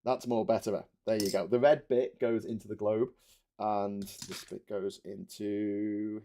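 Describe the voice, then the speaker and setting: Fairly low and warm, this man's voice stays level and measured, with a little hiss or hum in the recording. He's in his forties, hosting a relaxed live stream and rambling animatedly while building, with an odd curse thrown in.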